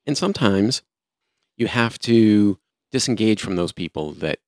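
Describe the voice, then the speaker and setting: A man's voice: lowish voice, animated, unhurried, a little mellow, no room sound, studio quality. A man in his sixties co-hosting a casual talk show, giving practical, plain-spoken advice. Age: 60s. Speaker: podcast co-host. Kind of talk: casual chat.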